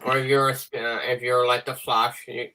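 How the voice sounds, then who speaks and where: A man's voice: mid-range voice, flat delivery, normal speed, background noise. A man in a casual voice-call chat, musing and thinking aloud.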